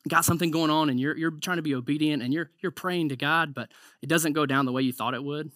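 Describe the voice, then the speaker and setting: A man's voice: fairly high pitch, fairly even intonation, fast talker, pushed and bright, dry recording, clean studio sound. A man preaching a conversational sermon, often repeating words and saying "like".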